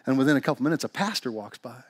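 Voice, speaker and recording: A man's voice: medium pitch, rapid-fire, breathy edge, no echo, studio quality. A man preaching a sermon in church, telling stories and asking rhetorical questions. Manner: animated storytelling with rhetorical questions. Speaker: pastor.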